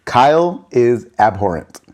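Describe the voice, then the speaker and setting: A man co-hosting a comedy podcast, chatting casually with dry, deadpan jokes. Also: mid-range voice, unhurried. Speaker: podcast co-host.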